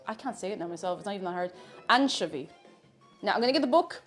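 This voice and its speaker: A woman's voice: a little high, animated, fast talker. A woman streaming from home talks casually as she cooks. Her voice swoops up and down, and she jokes, giggles and repeats words for fun, with faint music underneath. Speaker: live streamer. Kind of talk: casual live-stream chat while cooking.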